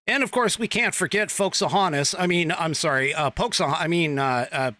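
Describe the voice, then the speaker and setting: A man's voice: fairly high pitch, fairly quick, sharp tone, no room sound. A man hosting a political commentary podcast in a casual, rambling way, full of fillers, restarts and sarcastic asides. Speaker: podcast host.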